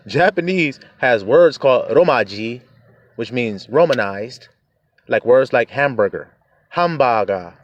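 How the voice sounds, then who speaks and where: A man's voice: medium pitch, lo-fi sound, a little hiss or hum. A man preaching in a casual, emphatic way, cursing freely and chuckling often. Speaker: religious teacher. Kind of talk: informal preaching rant.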